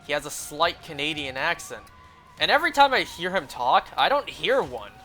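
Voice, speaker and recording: A man's voice: on the high side, sing-song, moderate pace, sharp tone, soft background music. A young man streaming live, rambling and musing aloud in casual chat.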